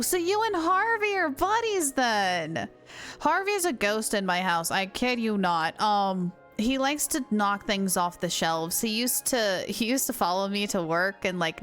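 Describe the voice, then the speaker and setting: A woman's voice: mid-range voice, animated, moderate pace, hardly any pauses, fairly bright tone, faint music behind. A young woman streaming a game, chatting casually and self-mockingly with viewers while she plays. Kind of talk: casual live-stream chat while gaming.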